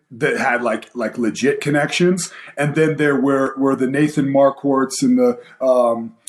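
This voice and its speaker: A man in his forties talks through a story with lots of fillers and restarts, acting out what other people said. His pitch sits mid-range, and the room around him has a noticeable echo. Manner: animated storyteller, acts out quoted voices, many fillers. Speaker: guest, MMA coach and former fighter. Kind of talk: casual storytelling interview. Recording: echoey room.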